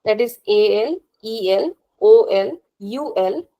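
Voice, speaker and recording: A woman's voice: medium pitch, lively intonation, takes it slowly, warm tone, rough recording. A woman teacher, patiently explaining grammar rules during a live online class, repeating points and checking that students follow. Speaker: language teacher.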